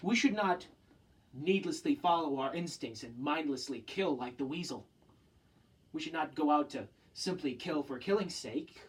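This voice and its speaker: A man's voice: a little high, animated, normal speed, distant mic, rough recording. A young man giving an earnest spoken presentation to a professor, impassioned and full of rhetorical questions. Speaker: student giving a talk.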